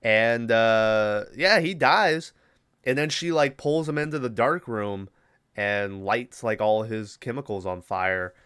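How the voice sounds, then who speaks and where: A man's voice: lowish voice, takes it slowly, a bit bright. A man hosting a podcast, casually retelling a movie plot in a rambling, profane way with lots of fillers. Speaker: podcast host.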